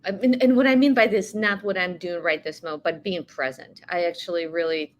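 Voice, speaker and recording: A woman's voice: fairly low pitch, fairly even intonation, fairly quick, dull audio, a little hiss or hum. A woman answering interview questions thoughtfully, laughing and rambling a little. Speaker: interview guest.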